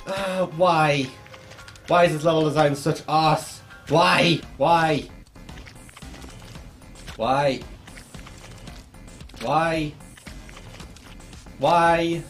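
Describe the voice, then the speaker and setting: A man's voice: on the high side, extremely slow, pauses often, soft background music. A young man giving frustrated, swearing let's play commentary while gaming. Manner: frustrated, swearing, shouting at the game. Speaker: gaming YouTuber.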